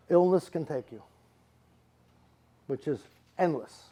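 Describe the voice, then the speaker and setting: A man's voice: on the high side, moderate pace, pauses often, dark tone. A middle-aged man, a psychic medium giving readings to a live audience, who rambles and repeats words for emphasis.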